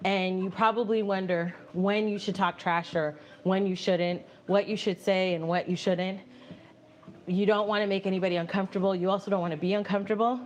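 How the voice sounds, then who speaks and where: A woman hosting a live stream, chatting casually with viewers while walking on a treadmill, animated and often laughing. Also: mid-range voice, brisk, slight background noise. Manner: animated, laughing, reads viewer messages aloud and answers them. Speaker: livestream host reading chat. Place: home, indoors on a treadmill.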